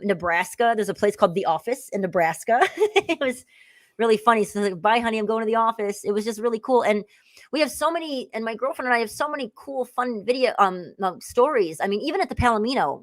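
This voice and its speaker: A woman's voice: mid-range voice, lively intonation, a little fast, dry recording. A woman in her forties chatting as a guest, telling rambling, laughing stories with lots of fillers. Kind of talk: casual chat, storytelling.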